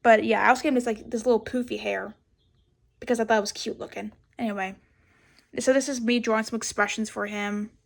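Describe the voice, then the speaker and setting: A woman's voice: fairly high pitch, steady tone, brisk, gravelly. A young woman giving a casual, rambling sketchbook tour, swearing a lot and mocking herself. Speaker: vlogger.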